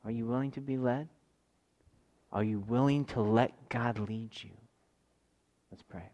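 A man's voice: mid-range voice, unhurried, pauses often. Earnest man preaching a sermon. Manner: earnest, swells louder on emphasis and drops to a hush. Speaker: pastor. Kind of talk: sermon with personal testimony.

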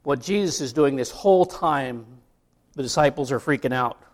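This middle-aged American pastor speaks at medium pitch and a moderate pace. His sermon feels like conversation, full of asides and rhetorical questions to the congregation.

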